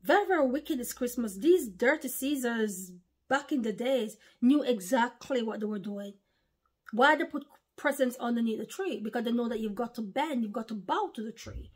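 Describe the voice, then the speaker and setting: A woman's voice: fairly high pitch, lively intonation, normal speed, breathy edge. A woman, preaching an informal online sermon in an impassioned, repetitive, emphatic way. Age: 40s.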